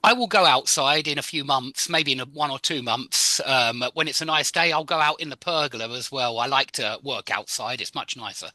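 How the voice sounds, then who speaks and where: A man's voice: medium pitch, normal speed, few pauses, bright, forceful tone, no echo. A man teaching an English lesson over a video call, correcting and encouraging his students and explaining word stress. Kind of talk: online live English lesson.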